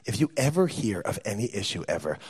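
A man, a father of young children, telling a personal story in an animated way, repeating words and acting out what others said. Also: fairly low pitch, fairly quick, slightly rough. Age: adult, father of young children. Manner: lively, acts out quoted dialogue, repeats words when excited.

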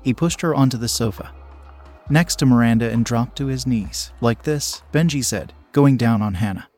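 Man reading an erotic story over soft music. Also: medium pitch, normal speed. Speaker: narrator. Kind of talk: scripted erotic story narration.

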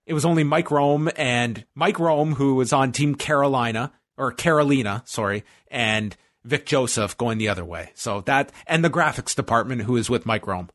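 A man's voice: medium pitch, normal speed, few pauses. A man co-hosting a podcast, casually recapping a show in a rambling, stop-start way with lots of fillers. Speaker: podcast co-host. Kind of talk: casual wrestling recap chat.

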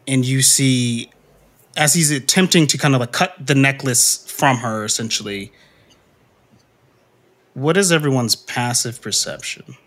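Bright-voiced man running a tabletop game. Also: medium pitch, a little slow, long pauses. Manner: relaxed storytelling with frequent fillers and laughs. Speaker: game master.

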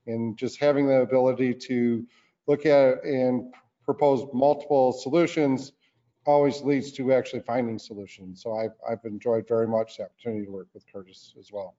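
A man speaking as a senator guest in an interview, in a deliberate, earnest way. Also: mid-range voice, warm tone. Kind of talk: political interview talk. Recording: dull lo-fi sound.

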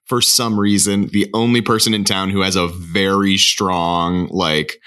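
A man's voice: deep voice, flat delivery, a little slow, a bit bright, smooth. A man co-hosting a podcast in casual chat, talking loosely and hedging with filler words. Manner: chatty, laughs easily, hedging with "like".

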